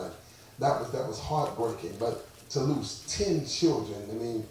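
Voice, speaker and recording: A man preaching a sermon, telling a story with lots of repeated words and building to louder fervor. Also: mid-range voice, normal speed, a little hiss or hum. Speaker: pastor. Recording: echoey church sound from far off.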